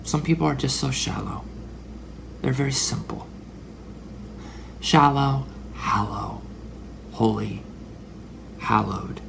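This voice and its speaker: A man's voice: medium pitch, slow, creaky, long pauses, noisy background. A man in his forties delivering a religious monologue, dramatic, sometimes dropping into whispered asides. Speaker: religious speaker. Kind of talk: preaching monologue.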